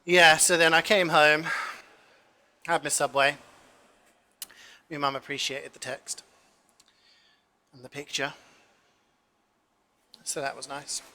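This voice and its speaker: Bright-voiced young man rambling. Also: fairly high pitch, level tone, slow, pauses often. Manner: rambling, filler-heavy, swears casually. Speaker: cooking streamer. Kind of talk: casual storytelling while cooking.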